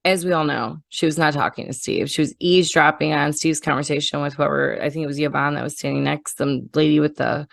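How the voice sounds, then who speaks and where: Low-voiced woman, blunt and indignant. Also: steady tone, brisk, vocal fry, hardly any pauses, no room sound. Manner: blunt, indignant, profane retelling. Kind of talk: casual podcast chat.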